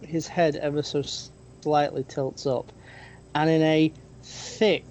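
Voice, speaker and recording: A game master narrating a tabletop role-playing game, pausing often with ums and restarts. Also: medium pitch, level tone, darkish tone, a little hiss or hum, low-quality recording. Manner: hesitant, many ums and restarts.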